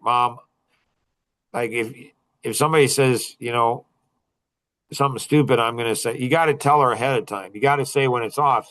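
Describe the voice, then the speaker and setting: A middle-aged man talks loosely on a podcast, circling back on himself with fillers and restarts and laughing often. His voice has a bright, forward edge at an ordinary middle pitch. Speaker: podcast guest. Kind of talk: casual chat.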